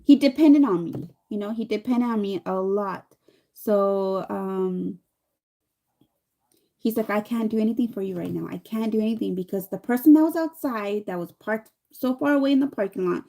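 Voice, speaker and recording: A chatty woman in her thirties tells a long, rambling story while she does her makeup, slipping into the voices of the people in it. Her tone is mellow and warm, sitting at an ordinary middle pitch. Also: moderate pace, creaky. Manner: chatty, rambling, animated quoting. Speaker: vlogger.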